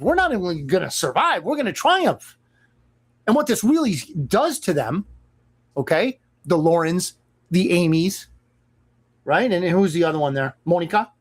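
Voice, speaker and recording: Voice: medium pitch, husky. A host delivering an opinionated commentary monologue in a sarcastic, mocking and emphatic manner.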